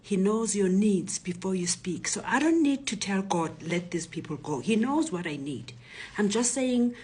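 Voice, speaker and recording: A woman in her sixties with a South African accent, a retired professor telling her own story in a hushed, often whispery voice. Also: mid-range voice, expressive, normal speed, husky. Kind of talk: personal testimony.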